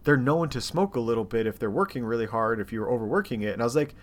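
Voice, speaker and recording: A man co-hosting a podcast, telling a story in casual, animated, exasperated bursts full of swearing. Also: medium pitch, fast. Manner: animated, profane, exasperated retelling. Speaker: podcast co-host. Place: seated in a podcast studio chair.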